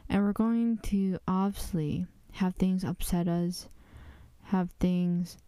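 A woman's voice: fairly low pitch, fairly even intonation, slow, mellow, clear, resonant tone, dry recording. A woman hosting a podcast from her closet, speaking openly in a confessional way with many fillers. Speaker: podcast host. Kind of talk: candid personal podcast monologue.

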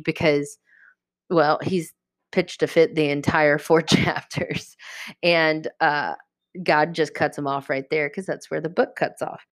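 A woman hosting a podcast, teaching a casual Bible study in a lively, chatty way and acting out the characters. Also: deep voice, dry recording, clean studio sound. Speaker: podcast host.

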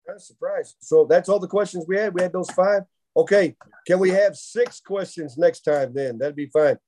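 Male podcast host, mellow tone, animated storyteller who laughs along. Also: high-pitched, moderate pace. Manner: animated storyteller who laughs through his own tale. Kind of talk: casual storytelling chat.

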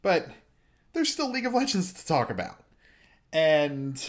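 A young man hosting a solo sports and gaming podcast, chatty and excitable, breaking into exasperated rants. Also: on the high side, unhurried, long pauses. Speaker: podcast host.

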